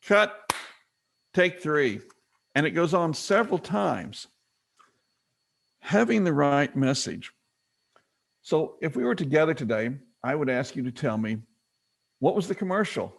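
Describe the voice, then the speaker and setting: Gravelly-voiced man presenting a business webinar. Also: on the high side, lively intonation, unhurried, long pauses. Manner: conversational teaching, retells stories with acted quotes.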